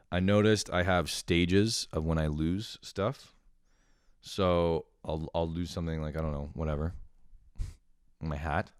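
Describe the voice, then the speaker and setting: Male comedian host, low smooth voice, swears freely, animated rambling storyteller, close dry sound. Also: dry recording.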